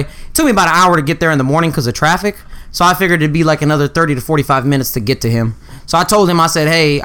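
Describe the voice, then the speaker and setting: A young man from the Houston area, co-hosting a casual chat and telling stories in a profane, animated way. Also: on the high side, clear, resonant tone. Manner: profane, animated storyteller, acts out quotes loudly. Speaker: podcast co-host.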